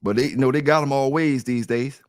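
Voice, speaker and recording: He's a middle-aged livestream host with a mid-range voice and a brisk delivery, chatting casually while rambling, repeating himself and talking straight to listeners. The recording is dry and of studio quality.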